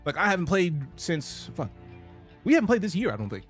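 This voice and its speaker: A man's voice: high voice, very animated, a little fast, soft background music. A man streaming a game, chatting casually and profanely while reading out his chat. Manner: casual, profane, reads chat messages aloud.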